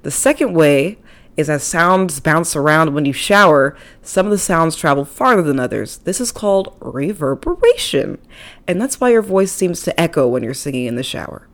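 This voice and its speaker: Young female podcast host with a low-pitched voice, casual and chatty, quick to poke fun at herself. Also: expressive. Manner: chatty, self-deprecating, playful asides. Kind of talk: casual solo podcast talk. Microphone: studio microphone.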